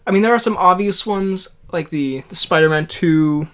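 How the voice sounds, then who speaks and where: A man's voice: high-pitched, normal speed, fairly bright tone, clear, resonant tone. A man co-hosting a podcast in casual chat, rambling and playful with many restarts. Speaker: podcast co-host.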